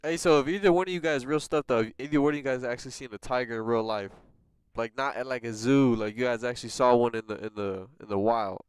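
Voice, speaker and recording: A man's voice: medium pitch, steady tone, fast talker, clear, resonant tone, no room sound. A young man hosting a casual livestream, chatting with viewers in a laid-back, slangy way and laughing often. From United States. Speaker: livestream host reading chat.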